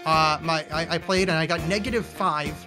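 A man's voice: on the high side, steady tone, normal speed, over music. A man hosting a podcast in casual chat, rambling, self-mocking and laughing often. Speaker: podcast host.

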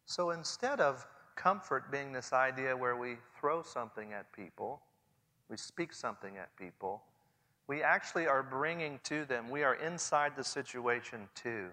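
A man in his forties preaching a sermon earnestly, swinging between hushed and loud passages. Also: medium pitch, moderate pace. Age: 40s. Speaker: pastor. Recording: long hall reverb.

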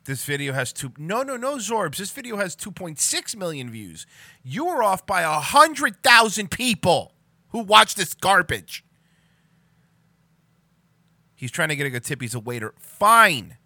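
A man's voice: high voice, very animated, moderate pace, pushed and bright, no echo. A man ranting sarcastically and swearing a lot as he reacts to a video for comedy. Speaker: reaction commentator. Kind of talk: profane comedic reaction commentary.

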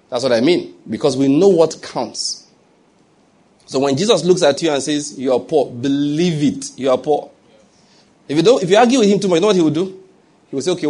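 A man's voice: on the high side, dark tone. A man preaching a sermon, chatty and humorous, building up to emphatic points. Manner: conversational preaching, humorous asides, rising to emphatic. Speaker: pastor.

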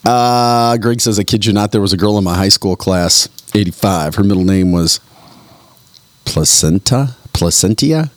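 A man's voice: fairly low pitch, flat delivery, normal speed, few pauses, dry recording. A man hosting a morning radio show, bantering casually and reading out listener messages. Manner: jokey, reads listener messages aloud.

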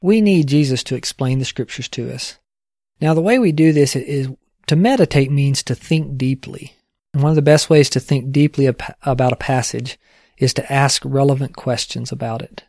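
A man's voice: medium pitch, moderate pace, vocal fry, a little mellow, dry recording, clean studio sound. A man teaching in an earnest, conversational sermon style, often posing rhetorical questions. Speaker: pastor teaching discipleship.

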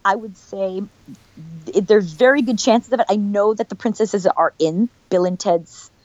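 A woman guest telling animated, chatty stories with many restarts in a casual interview. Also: medium pitch, moderate pace, no room sound, dull audio. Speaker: actress guest.

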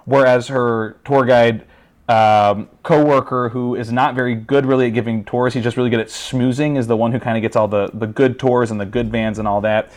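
A man's voice: mid-range voice, fairly quick. Laid-back rambling podcast guest, man. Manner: relaxed, rambling with many fillers. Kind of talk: casual podcast chat.

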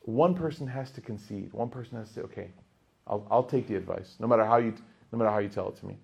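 A young man teaching a class, telling stories in a lively way that swings between loud emphasis and hushed asides. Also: on the low side, fast talker, gravelly, breathy edge. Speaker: Islamic teacher. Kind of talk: lively class talk with storytelling.

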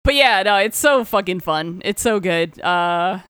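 A woman's voice: lowish voice, expressive, measured pace, fairly bright tone, clear, resonant tone, dry recording, studio quality. A woman co-hosting a podcast, retelling a comic in casual chat, giggling and swearing as she rambles. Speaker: podcast co-host.

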